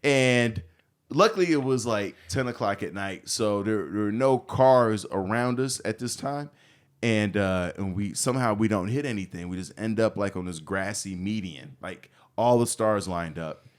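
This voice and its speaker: A man with a lowish voice tells a story in a relaxed podcast chat. He acts out the people in his story and breaks into sudden yelps. His delivery is animated and loose. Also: moderate pace. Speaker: podcast guest.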